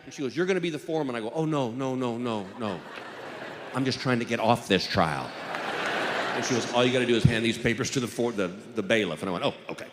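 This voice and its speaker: On stage in a large hall, a male stand-up comedian tells a story at a quick pace, acting out the voices of the people in it. His voice sits in the mid-range, and the live recording carries audience noise.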